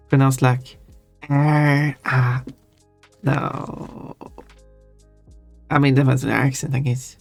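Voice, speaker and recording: A man's voice: medium pitch, level tone, slow, creaky, pauses often. A man chatting casually on a stream while reading chat, rambling and often restarting his words. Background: soft chill music.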